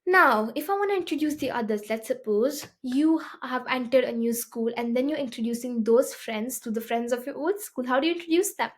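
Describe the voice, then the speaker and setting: Lady teaching basic french, kinda high voice, keeps asking "okay?". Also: fairly quick, hardly any pauses. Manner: explanatory, often checks with "okay?". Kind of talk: explaining a language lesson.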